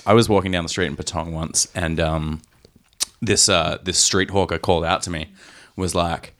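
An Australian man chatting as a podcast guest, laid-back and quick with wry quips. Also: low-pitched, steady tone, a bit bright. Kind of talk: casual chat.

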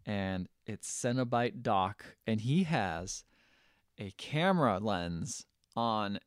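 A man's voice: lowish voice, takes it slowly, clear, resonant tone, no room sound, studio quality. A man casually recapping a movie plot on a podcast, acting out the scenes as he tells them. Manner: animated storyteller, acting out scenes in voices. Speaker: podcast co-host.

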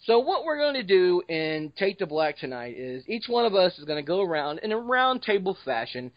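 A man's voice: sits high, big pitch swings, brisk, no room sound. Man hosting a chatty podcast, dull dry sound. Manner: rambling, loose, many fillers. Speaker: podcast host. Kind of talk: casual podcast chat.

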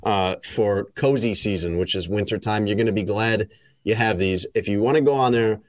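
Male podcast host, low, relaxed and teasing, dry close sound. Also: normal speed, no room sound. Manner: easygoing, teasing. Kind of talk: casual chat with ad read.

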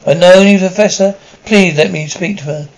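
A man's voice: high voice, brisk, poor audio. An actor in an audio drama playing a desperate man who pleads anxiously to be believed. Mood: pleading. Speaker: lead character.

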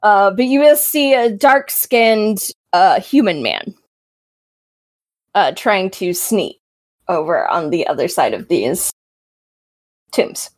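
A woman's voice: mid-range voice, animated, slow pace, pauses often. A woman running a tabletop game as game master, narrating hesitantly with many fillers.

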